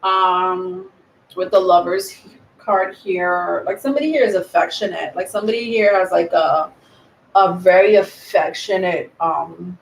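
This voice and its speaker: A woman giving a live tarot reading, rambling and thinking aloud with many pauses and ums. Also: lowish voice, steady tone, vocal fry, a little hiss or hum. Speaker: tarot reader. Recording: roomy echo.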